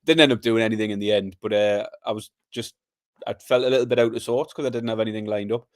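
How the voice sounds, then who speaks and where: A man co-hosting a podcast in casual chat, telling relaxed everyday stories. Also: lowish voice, fast, no echo, studio quality. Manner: relaxed, storytelling, says aye. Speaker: podcast co-host.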